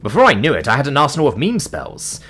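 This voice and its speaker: A man's voice: medium pitch, huge pitch swings, quick pace, pushed and bright, breathy edge, faint music behind, voice pushed up, heavily acted. A man voicing a sheepish young male wizard who rambles through nervous apologies.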